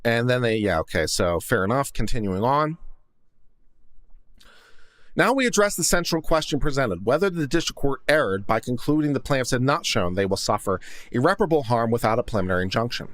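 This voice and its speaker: A man reads a court opinion aloud in a steady, middle-pitched voice and stops now and then to weigh the reasoning in quick asides. He is recorded close on a condenser mic in a small, dry room with no echo. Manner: reads legal text aloud, then breaks in with thoughtful asides. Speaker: legal commentary host. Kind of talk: reading and commenting on a court opinion. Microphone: studio condenser mic.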